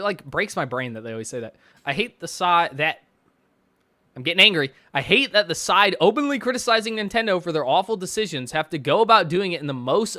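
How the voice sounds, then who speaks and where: Male streamer, casual sarcastic reaction commentary, swears freely, bouncy delivery, slightly high pitch. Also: bright, forceful tone, dry recording, clean studio sound. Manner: profane, ranting, mocking; reads chat and posts aloud with sarcastic asides.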